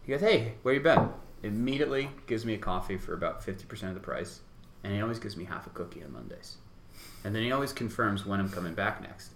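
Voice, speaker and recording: Low-voiced man, chatty podcast co-host, rambling anecdotes, echoey room. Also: animated, fast talker, creaky, fairly bright tone, a little hiss or hum. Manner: rambling anecdotes, acts out quoted exchanges. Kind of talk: casual chat. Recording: roomy echo.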